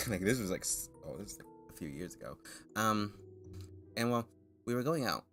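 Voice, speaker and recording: A man streams with soft music playing behind him, chatting casually with viewers at a moderate pace. His voice is fairly low yet fairly bright, with lively intonation, and he comes across as a bit nervous and self-conscious, rambling, laughing often, and stumbling into false starts and restarts.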